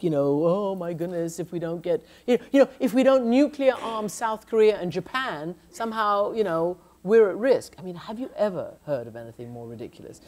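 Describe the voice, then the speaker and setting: A middle-aged woman journalist, appearing as a lecture guest in an onstage conversation, speaks emphatically in a fairly low, dark-toned voice. She restarts her sentences frequently and often says "you know."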